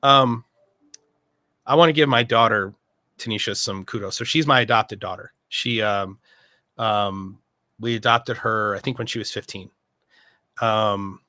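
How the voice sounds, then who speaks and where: Low, bright-voiced middle-aged man. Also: no room sound, clean studio sound. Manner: rambling, earnest, full of asides. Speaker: host. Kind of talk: casual livestream talk.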